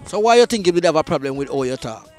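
A man's voice: fairly high pitch, animated, very fast, a little mellow, faint music behind. A man, an interviewer throwing out prompting questions, sometimes stumbling over his words.

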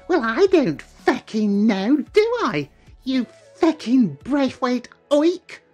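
Man voicing a shrill, foul-mouthed little girl. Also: exaggerated voice. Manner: swears constantly, shrieking insults.

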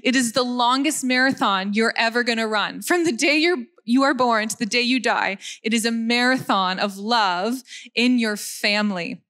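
A woman, giving a sermon in an animated way with frequent laughs and self-deprecating asides. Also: on the high side, normal speed. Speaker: preacher.

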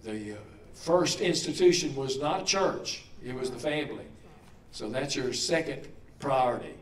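A man's voice: medium pitch, normal speed, echoey room, distant mic. A man preaching a sermon in a conversational way, putting questions to the congregation. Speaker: pastor.

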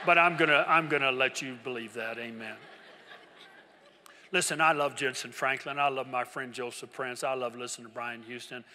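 A man's voice: mid-range voice, fairly even intonation, moderate pace, pushed and bright, slight background noise. A man preaching a sermon in a church, joking and emphatic, calling on the congregation to repeat after him. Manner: humorous, emphatic preaching with call-and-response. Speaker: pastor. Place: large church hall. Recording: long hall reverb.

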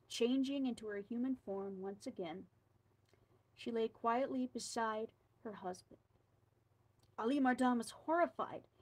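A woman with a fairly high voice reads a scary tale aloud. She tells it like a storybook and drops in quiet asides of her own. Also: low-quality recording.

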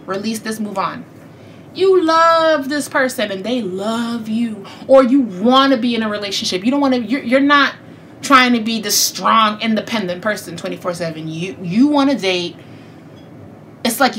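A woman talks through a tarot reading in a chatty, animated way, speaking right to her viewers. Her voice sits a little high and comes across bright and forceful. A faint noise runs under the recording. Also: normal speed. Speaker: tarot reader.

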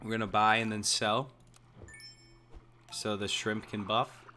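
A young man streaming, chatting casually and joking while he plays, his voice hoarse. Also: lowish voice, measured pace, soft background music. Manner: lively, chatty, jokey. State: hoarse, coughing. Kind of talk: casual chat while gaming.

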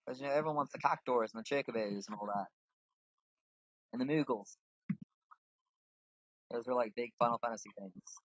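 Speaking at normal speed with frequent pauses, this man has a mid-range, slightly bright voice and hosts a gaming channel. His let's-play commentary is casual, rambling, and self-mocking as he thinks aloud mid-game. There's no room sound, just a dull lo-fi dry mic.

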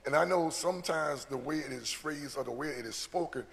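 A man's voice: fairly high pitch, brisk, creaky, a bit bright. A man preaching a teaching sermon, earnest, often repeating words as he builds a point. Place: church. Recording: long church hall reverb.

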